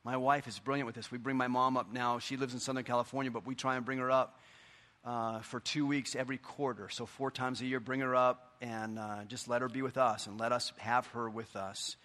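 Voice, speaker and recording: A middle-aged man preaching a sermon, earnest and conversational, dropping into quiet asides. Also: mid-range voice, level tone, brisk. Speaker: pastor.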